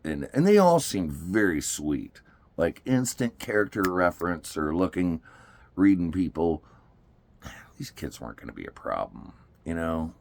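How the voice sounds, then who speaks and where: A man's voice: deep voice, unhurried, vocal fry, slight background noise. A man, telling a story about taking his daughter to an amusement park, laughing often and acting out what people said. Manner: animated, laughing often, acts out quotes. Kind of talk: casual storytelling.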